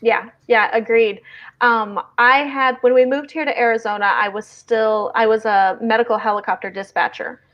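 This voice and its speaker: A woman's voice: fairly high pitch, steady tone, normal speed. Midwestern-twanged woman hosting a lo-fi stream. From Southern Indiana, US. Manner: chatty, reads audience comments aloud. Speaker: host of a writing stream. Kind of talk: casual live-stream chat.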